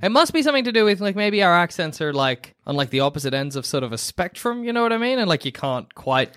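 An Australian man co-hosting a casual podcast chat, animated and jokey, slipping into mock accents. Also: high-pitched, fast, smooth. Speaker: podcast co-host.

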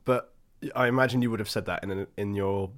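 A man's voice: on the low side, fairly even intonation, quick pace, a bit bright. A young man co-hosting a podcast, bantering in a jokey, chummy way. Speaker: podcast co-host. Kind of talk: casual chat.

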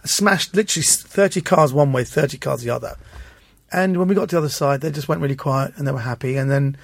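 A man guest telling animated anecdotes in an interview, acting out the voices of people in his stories. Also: mid-range voice, fast talker, gravelly, no echo. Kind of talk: anecdotal storytelling.

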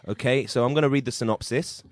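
A man hosting a comedy podcast, narrating and setting up an improvised scene in a brisk, chatty way. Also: mid-range voice, no room sound.

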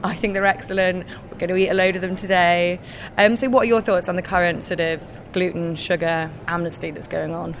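Gravelly-voiced woman podcast host. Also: lowish voice, a little fast, a little hiss or hum. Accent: Scottish. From Scotland. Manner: self-deprecating, breezy and animated. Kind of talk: casual chatty storytelling.

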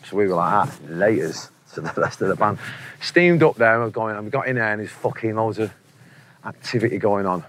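Speaking quickly in a voice on the low side, this English musician from Manchester, in his forties, shares sweary, laddish stories during a relaxed interview, laughing frequently. A little hiss or hum sits in the recording.

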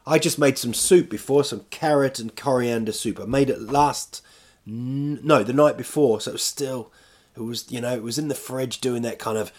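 A man's voice: mid-range voice, moderate pace. A man rambling in casual, self-mocking chat as a podcast host, talking from home while recovering from illness.

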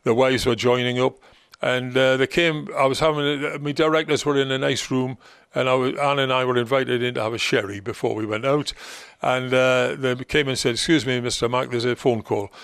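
A man's voice: medium pitch, fairly even intonation, normal speed, gravelly, fairly bright tone, clean tone, no room sound, studio quality. An older man with a Geordie accent, a former football manager telling long rambling stories as a guest, with many ums and restarts. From North East England. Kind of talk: relaxed anecdotal storytelling.

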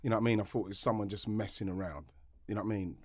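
A man's voice: fairly low pitch, rapid-fire, noisy background. A middle-aged man, co-hosting a podcast and telling a long story in a rambling way, with many restarts. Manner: rambling, with frequent restarts and laughter. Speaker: podcast co-host, former footballer. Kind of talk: storytelling in casual chat.

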